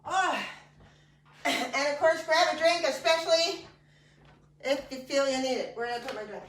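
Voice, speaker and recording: Woman coaching a workout class, high pitched, lots of encouraging chatter, echoey room. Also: normal speed, fairly bright tone, far from the mic, a little hiss or hum. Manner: chatty, encouraging, jokey asides. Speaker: fitness instructor. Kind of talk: guiding an exercise class.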